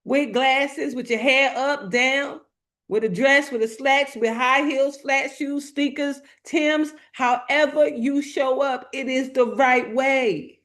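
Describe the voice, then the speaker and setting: A motivational speaker with a high, fairly bright voice preaches live online to her audience. She is slow and forceful, leans on colloquial repetition and keeps calling out to viewers in the chat.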